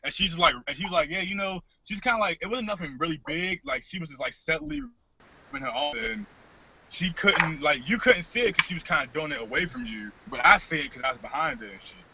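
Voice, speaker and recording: Man, podcast co-host, casual storytelling, profane, bouncy lively pitch, somewhat high voice. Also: a little fast. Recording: dull lo-fi podcast recording.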